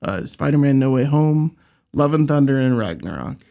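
A man's voice: mid-range voice, lively intonation, vocal fry, mellow. A young man co-hosting a casual movie chat, joking and teasing his co-host. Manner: joking, teasing, quick asides. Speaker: podcast co-host.

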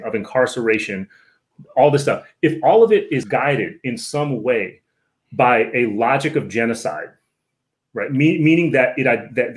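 Male podcast guest, mid-pitched, earnest and lecturing, repeats himself, keeps checking "right?". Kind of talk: casual podcast conversation.

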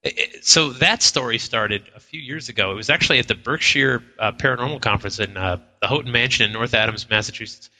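This co-host's mid-range voice is bright and forceful, racing along with few pauses. Broadcasting live from an inn function room, he chats casually, acting out quotes and restarting often, while the large hall and poor audio muddy the sound.

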